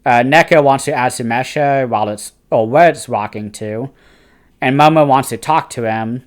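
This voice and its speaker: A man's voice: mid-range voice, normal speed. A man hosting a manga review channel, talking through a casual spoken review in an eager, chatty way with frequent fillers and restarts. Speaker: host of a fantasy book and manga review channel.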